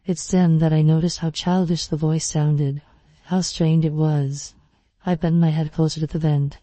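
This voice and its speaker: Horror storyteller with an even, measured read, very dark tone and a monotone delivery. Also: medium pitch, dry recording. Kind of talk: scripted first-person story narration.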